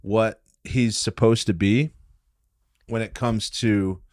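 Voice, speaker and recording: A man co-hosting a podcast, chatting casually about football, swearing freely, laughing often and getting loud when excited. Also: lowish voice, slow pace, no room sound, studio quality. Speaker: podcast co-host. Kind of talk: casual sports chat.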